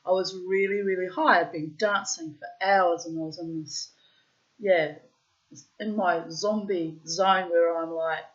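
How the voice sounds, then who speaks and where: A vlogger in her late fifties rambles through a story in a casual monologue, cheeky and self-mocking, often laughing and letting out squealing, high exclamations. She speaks unhurriedly with fairly even intonation, and the recording sounds muffled.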